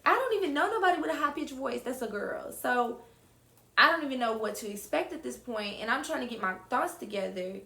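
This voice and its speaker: A young woman telling a casual storytime to her viewers, animated and often calling out to them. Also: high-pitched, brisk. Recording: roomy echo.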